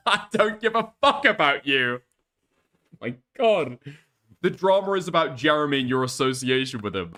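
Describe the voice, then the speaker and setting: A man's voice: a little high, very animated, moderate pace, bright, forceful tone. A man streaming live, reacting to a video with crude, mocking commentary and frequent laughter.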